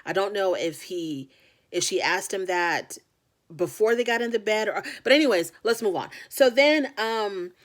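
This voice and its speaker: A woman's voice: medium pitch, animated, normal speed. A woman hosting a casual reality TV recap, talking frankly and filling her speech with "like" and "you know.". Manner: chatty, frank, heavy on fillers like "you know".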